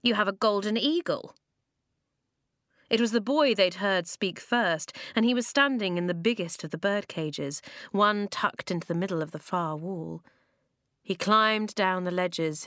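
Woman, storybook narrator, measured expressive reading, lowish voice, dry close sound. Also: dry recording. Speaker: audiobook narrator. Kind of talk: scripted narration.

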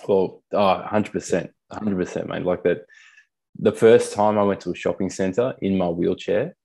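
A man's voice: sits low, steady tone, normal speed, vocal fry, warm tone, slightly rough. A young man speaking candidly as a podcast guest, blunt, swearing casually and calling people mate. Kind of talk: candid conversational storytelling.

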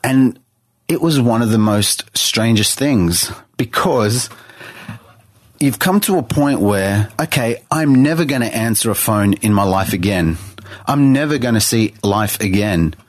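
A man with a fairly low voice tells a personal story in a podcast interview. He speaks earnestly, often restarting his phrases. The sound is close and dry. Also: expressive, unhurried, no room sound. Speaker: guest artist.

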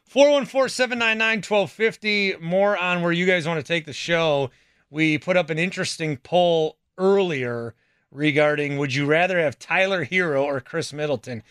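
A man's voice: a little high, moderate pace, a bit bright, smooth, dry recording, studio quality. A man hosting a sports radio show, walking through hypotheticals step by step and pressing his points emphatically. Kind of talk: sports radio talk, reading the call-in number.

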